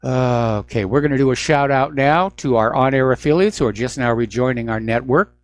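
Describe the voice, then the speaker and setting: A man's voice: mid-range voice, a little fast, dry recording. Indignant radio talk host, man. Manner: indignant, emphatic. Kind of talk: news commentary monologue.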